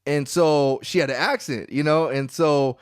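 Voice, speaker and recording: A man with a slightly high voice tells stories on a podcast with lively energy and frequent laughs. His voice sounds close and dry, with no room echo behind it. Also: moderate pace, clean tone. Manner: animated storytelling, laughing often. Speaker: podcast co-host. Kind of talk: casual podcast chat.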